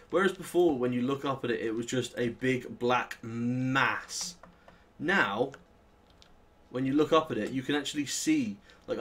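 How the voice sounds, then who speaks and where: A young British man with a British accent, chatting and swearing casually as he plays through a modded game, with sudden excitable outbursts. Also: mid-range voice. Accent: British English. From Britain. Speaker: gaming channel host. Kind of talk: casual Let's Play commentary.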